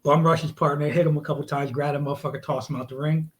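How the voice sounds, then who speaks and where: Profane, animated man telling a wrestling story. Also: fairly high pitch, fast, rough recording. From United States. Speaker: wrestler guest. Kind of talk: casual storytelling interview.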